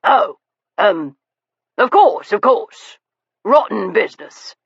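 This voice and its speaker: A woman's voice: mid-range voice, sing-song, takes it slowly, gravelly, slightly rough, no room sound, voice pushed up, exaggerated voice. A woman voicing a pompous, short-tempered baronet with an indignant, puffed-up manner, in a dull recording. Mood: blustering. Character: pompous blustering baronet, quick to anger.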